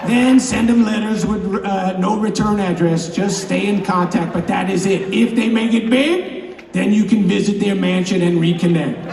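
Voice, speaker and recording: A man doing a loud, goofy comic voice while giving a commencement speech, teasing the parents with mock advice. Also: sits high, normal speed, creaky, voice pushed up. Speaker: commencement speaker. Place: large ceremony venue with an audience. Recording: echoey hall, distant mic, crowd noise.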